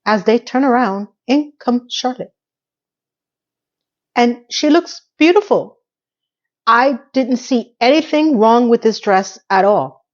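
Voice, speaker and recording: A woman casually recapping a TV episode in a chatty, animated way. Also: a little high, slow pace, long pauses, dull audio. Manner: animated, acts out quotes.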